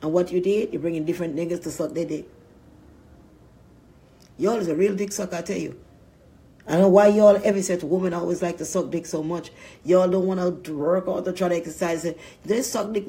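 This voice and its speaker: A man's voice: high-pitched, fast, dark tone. A man delivering a crude, profane rant to camera, laughing to tears as he goes, his nose running. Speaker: vlogger.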